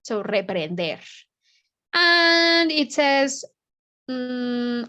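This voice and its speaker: Woman, slow unhurried delivery, fairly high voice, halting explanations. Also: fairly bright tone. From Mexico. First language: Spanish. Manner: explains words slowly, halting, many fillers. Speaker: English book club teacher. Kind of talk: casual vocabulary lesson.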